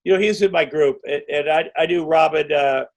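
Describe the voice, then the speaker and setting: A man guesting on a podcast, telling a rambling, self-interrupting anecdote and breaking into loud acted quotes. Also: on the high side, brisk. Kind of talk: anecdotal storytelling.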